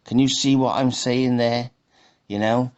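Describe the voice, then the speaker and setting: A man's voice: mid-range voice, little pitch movement, unhurried, a little mellow. A man giving a scornful commentary monologue, mocking and full of rhetorical questions.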